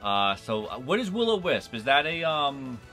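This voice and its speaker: A man's voice: medium pitch, sing-song, normal speed, pushed and bright, faint music behind. A man streaming a video game live with his wife, chatting casually and laughing often.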